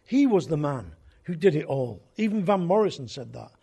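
A man's voice: a little high, sing-song, moderate pace, vocal fry, dark tone, husky. An older man, a folk show host telling wry, rambling anecdotes in a conversational way. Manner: wry, conversational, drifting tangents. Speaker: folk radio host and storyteller. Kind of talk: anecdotal storytelling.

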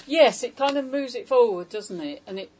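A woman's voice: fairly high pitch, animated, moderate pace, a little mellow, a little hiss or hum, rough recording. Chatty woman leading a poetry talk. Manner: chatty, hesitant, asks the audience questions. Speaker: poetry translator leading a salon. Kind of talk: informal talk to a small audience. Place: room with a small live audience.

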